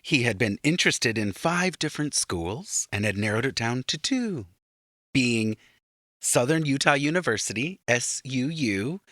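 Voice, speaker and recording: Relaxed Minnesotan man recapping a show. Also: medium pitch, dry recording, clean studio sound. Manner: relaxed, recapping plot points with light asides. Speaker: podcast co-host. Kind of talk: casual recap chat.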